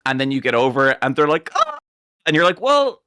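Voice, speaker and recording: A man's voice: medium pitch, big pitch swings, fast talker, pushed and bright, clear, resonant tone, no echo, clean studio sound. A man with an Irish accent, a podcast guest in casual chat, telling stories and acting out both sides. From Ireland.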